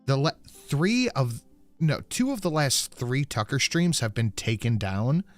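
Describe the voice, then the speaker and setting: A man's voice: medium pitch, big pitch swings, a little slow, faint music behind. A man hosting a live stream, laid back and swearing, plugging his channel. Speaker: streamer host. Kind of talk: casual live-stream talk.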